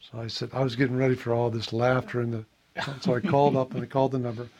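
Older male jazz musician, from Iowa, medium voice, anecdotal and animated, does little voices for the people he quotes. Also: medium pitch, fast talker. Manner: animated storyteller, acts out quoted voices, laughs often. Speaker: jazz saxophonist guest. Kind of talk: casual anecdotal storytelling.

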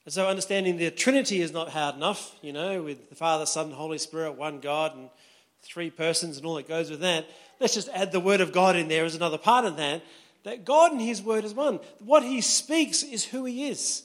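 A man preaches to his congregation in an easygoing, conversational sermon, often pausing to check that his listeners follow. His voice sits notably high for a man. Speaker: pastor.

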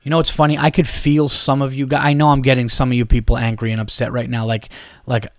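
A man's voice: mid-range voice, level tone, quick pace, dry recording, studio quality. A man in his thirties hosting a solo podcast, ranting in a heated, profane, rambling way. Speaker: podcast host.

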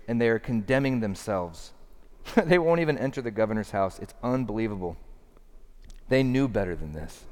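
A man delivers a sermon from the pulpit, his mid-range voice carried by a long, echoing hall reverb. He alternates between forceful, raised emphasis and quiet, drawn-out reflection. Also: mid-range voice, clean tone. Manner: impassioned, swings from loud emphasis to hushed. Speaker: pastor.

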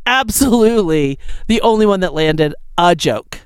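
A man co-hosting a podcast in casual chat, emphatic and animated. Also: high-pitched, moderate pace, smooth, no room sound, clean studio sound. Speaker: podcast co-host.

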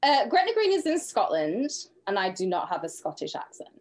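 A woman's voice: mid-range voice, huge pitch swings, a little fast. A Cumbrian woman co-hosting a podcast in blunt, sweary, laughing casual chat. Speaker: podcast co-host.

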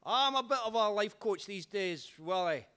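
A friendly, patient older Scottish father, as a man puts him on in a story. He speaks higher than the teller's own voice, with a bright tone. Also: animated, normal speed, smooth.

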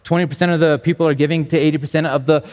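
A man preaching to his church in a relaxed, talky manner, doubling back on words as he thinks aloud. His voice sits a little higher than most men's, and it rings out with the long reverb of a large hall. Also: rapid-fire. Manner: conversational, repeats words as he talks. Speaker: pastor. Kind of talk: sermon.

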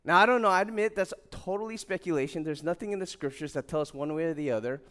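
A man's voice: on the high side, fast talker, a bit bright, smooth. A male pastor preaching a sermon in an earnest, conversational way, quoting scripture and telling everyday stories. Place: church hall.

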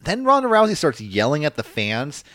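Man, casual podcast chat, lively swinging pitch, dry close sound, animated. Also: moderate pace, no echo. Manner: animated, swearing, puts on mocking voices. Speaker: podcast co-host recapping wrestling.

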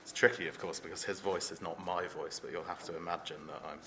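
A man's voice: low voice, steady tone, fast talker, pushed and bright, a little hiss or hum. A man speaking as an author on a book fair panel, thoughtful and hesitant, with many ums and restarts.

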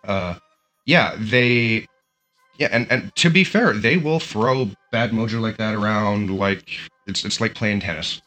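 A man recounting a story in a casual, animated way, often restarting his sentences. His voice is low and bright, with faint music under it. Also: measured pace. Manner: animated, lots of fillers and restarts.

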